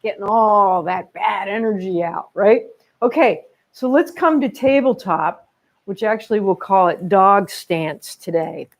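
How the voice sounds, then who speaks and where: A woman's voice: medium pitch, expressive, a little slow. A woman leading a children's yoga class at home, upbeat and encouraging as she talks young kids through each pose. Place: home room with her dogs. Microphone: camera she set up herself.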